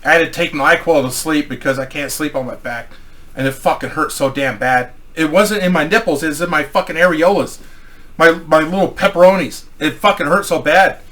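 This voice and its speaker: A middle-aged man telling a crude personal anecdote in a rambling, profane, animated way. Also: on the high side, fairly quick. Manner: profane, rambling, animated storytelling with acted quotes. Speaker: storyteller.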